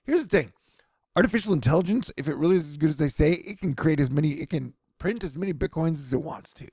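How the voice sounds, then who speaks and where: A man's voice: fairly high pitch, lively intonation, fast talker, dark tone, slightly rough, dry recording. A man giving casual, rambling news commentary with sardonic, self-mocking asides.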